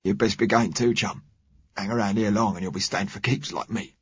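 Man playing a dying workman, coarse and slangy, weak, strained higher voice, husky. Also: fairly quick. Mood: resigned. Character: dying rough-spoken London working man. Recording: dull, muffled recording.

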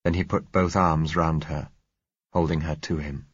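A man narrating an audiobook in a measured, dramatic reading. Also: very deep voice, level tone, slightly rough, no room sound. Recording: dull, dry recording.

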